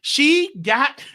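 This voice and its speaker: Bright-voiced man hosting a talk show. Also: very high-pitched. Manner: animated, emotional, drawling, with laughs and filler. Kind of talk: casual commentary on celebrity news.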